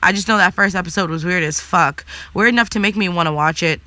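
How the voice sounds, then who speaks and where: Young woman vlogger, sassy and blunt, bright tone, dry close sound. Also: fairly low pitch, fast talker, no echo. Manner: blunt, sassy, swears freely. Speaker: vlogger answering live chat. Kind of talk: casual live chat.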